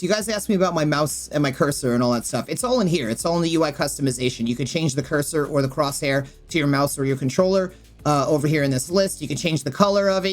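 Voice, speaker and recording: Woman gamer, lowish voice, rambling tutorial delivery with faint music under it. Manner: rambling, thinks aloud with fillers. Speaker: gaming streamer and YouTuber. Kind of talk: casual game tutorial.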